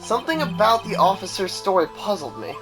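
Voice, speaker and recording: A man voicing a confident young male defense lawyer in a measured reading over game music. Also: sits high, very animated.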